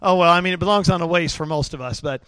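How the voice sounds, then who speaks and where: A man's voice: fairly high pitch, fast talker, fairly bright tone, smooth, dry recording. A middle-aged man preaching a sermon in a folksy, joking way with lots of fillers. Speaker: pastor.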